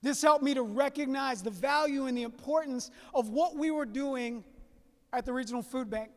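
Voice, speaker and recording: A man's voice: very high voice, normal speed. A man from Southeast Louisiana, giving a folksy, story-driven keynote speech to an audience he calls y'all. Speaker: keynote speaker. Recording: reverberant hall.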